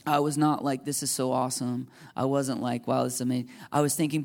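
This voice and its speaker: A young adult man preaching, telling a personal story in an animated way and jumping into high, excited voices when he quotes his own thoughts. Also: brisk, creaky. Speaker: pastor. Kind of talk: sermon testimony.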